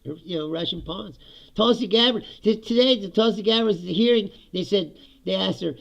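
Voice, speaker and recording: Brief: gravelly male host, high and animated, sarcastic political rant with frequent laughs. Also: moderate pace, dull audio. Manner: sarcastic, laughing often, profane.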